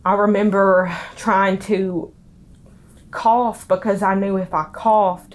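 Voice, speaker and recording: A young woman with a Southern US accent, crying as she recounts a painful memory in a halting, soft-spoken interview. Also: medium pitch, flat delivery. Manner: halting, soft-spoken, many pauses and restarts. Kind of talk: emotional personal testimony.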